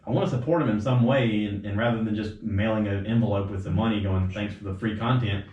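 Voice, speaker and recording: A man with a voice on the low side hosts a casual podcast at a quick pace, rambling through stories. When he quotes other people, he acts them out with sudden, animated jumps in his voice. The home recording sounds roomy and slightly dull.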